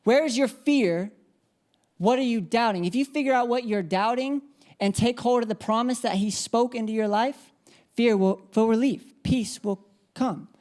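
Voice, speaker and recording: A woman's voice: fairly high pitch, moderate pace, a little mellow. A woman preacher giving an emphatic church sermon, repeating key phrases and leading the congregation in responses.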